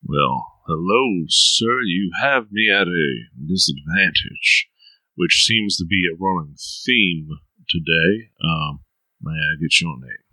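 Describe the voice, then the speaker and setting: A man's voice: low-pitched, expressive, takes it slowly, pushed and bright, no room sound, poor audio. A man playing his character in a tabletop game, answering politely with a wry edge. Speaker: player.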